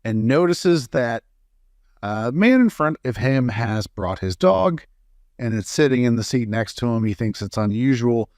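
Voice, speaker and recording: A man's voice: medium pitch, very animated, unhurried, darkish tone, smooth, no echo. A man in a middle register reads through a string of jokes aloud. His delivery is loose and casual, with small slips and fillers along the way. The sound is dry and close, with no room around it. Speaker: joke reader.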